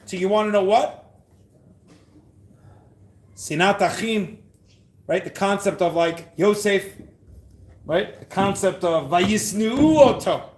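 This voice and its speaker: A man teaching a Torah class at a yeshiva, asking the listeners questions, chanting Hebrew verses slowly and rising to shouts on key points. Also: high-pitched, reverberant.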